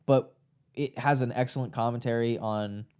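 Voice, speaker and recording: A man's voice: medium pitch, fairly even intonation, normal speed, a little mellow, smooth. A man co-hosting a podcast, chatting casually and eagerly about a horror movie with many fillers and restarts. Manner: enthusiastic, lots of fillers and restarts. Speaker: podcast co-host.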